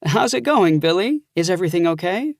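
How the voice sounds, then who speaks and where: A man doing a warm, doting aunt. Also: sits high, a little fast, gravelly, dry recording, studio quality, voice pushed up. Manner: excited and doting. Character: warm affectionate aunt, middle-aged woman.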